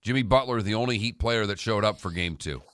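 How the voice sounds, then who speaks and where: Low, bright-toned sports radio man. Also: quick pace, no echo, clean studio sound. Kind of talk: casual sports talk.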